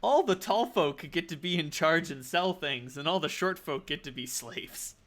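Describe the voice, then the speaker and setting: A man narrating a tabletop game as game master, halting with many fillers and restarts. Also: on the high side, animated, fairly bright tone.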